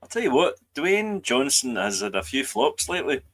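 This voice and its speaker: A man's voice: medium pitch, sing-song, normal speed, a bit bright, low-quality recording. A man co-hosting a podcast, chatting casually about films and TV with wry, dry remarks. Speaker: podcast co-host.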